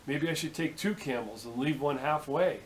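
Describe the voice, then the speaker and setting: A man voicing a hurried male traveler in a spoken joke, urgent and pleading, close to his own voice. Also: fairly high pitch, a little hiss or hum, close to an everyday voice.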